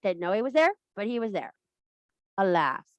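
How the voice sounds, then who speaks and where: A middle-aged women's circle leader hosts a workshop over video call, talking casually, bluntly, and emphatically with plenty of swearing. Her mid-range voice swings widely in pitch at normal speed, and the audio sounds dull.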